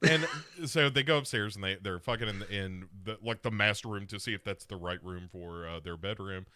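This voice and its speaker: A man's voice: lowish voice, fairly quick, sharp tone. A male podcast co-host recapping films in casual chat, telling the story with animation and acting out the characters.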